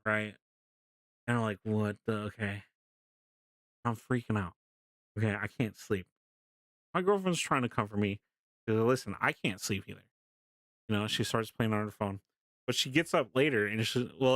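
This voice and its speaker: A young man casually telling a story to his live stream chat, animated, laughing often and swearing freely. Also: on the low side, no echo, clean studio sound.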